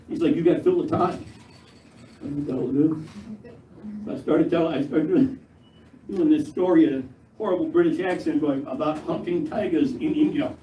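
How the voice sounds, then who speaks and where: An older man doing a crude, rambling stand-up set, mocking himself and acting out quoted voices, on stage in a large hall. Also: on the high side. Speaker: stand-up comedian. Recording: echoey hall, mic at a distance. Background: loud laughing crowd and room noise.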